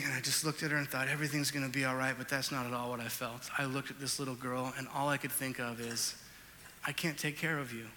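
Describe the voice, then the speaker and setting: A male pastor with a medium-pitched voice preaches, recounting a personal story with animated shifts between loud outbursts and hushed moments. The recording carries a long reverb tail and a little hiss or hum.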